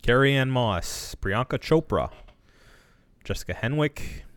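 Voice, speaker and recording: A man's voice: medium pitch, lively intonation, unhurried, smooth, no echo. A man co-hosting a podcast, laid-back, mostly giving short replies in casual chat. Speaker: podcast co-host.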